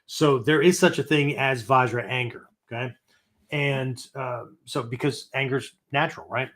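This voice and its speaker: A man's voice: mid-range voice, steady tone, moderate pace, a bit bright. Rambling man teaching with "right?" tags. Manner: rambling, filler-heavy, frequent "right?" tags; blunt, mild swearing. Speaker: podcast host teaching esoteric Buddhism. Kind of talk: casual spoken teaching.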